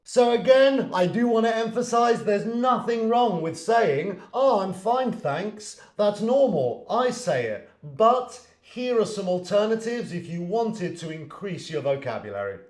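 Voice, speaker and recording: A British man with a fairly high voice gives a relaxed, chatty English lesson to camera. He laughs easily and acts out friendly example greetings. The room around him is noticeably echoey. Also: a little slow, hardly any pauses. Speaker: English teacher. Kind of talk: casual video lesson to camera.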